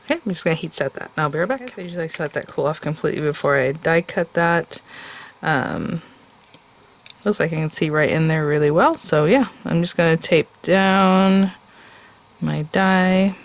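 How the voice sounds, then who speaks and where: A woman's voice: low voice, moderate pace, a little hiss or hum. A woman hosting a casual step-by-step craft tutorial, chatty and enthusiastic and talking straight to her viewers.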